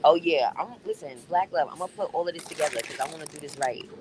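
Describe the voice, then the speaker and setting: A New York woman with a low, darkish voice talks quickly while live streaming on her phone from a city bus. She chats casually and reads viewer comments, her voice muffled by a mask, in a noisy recording from the moving bus.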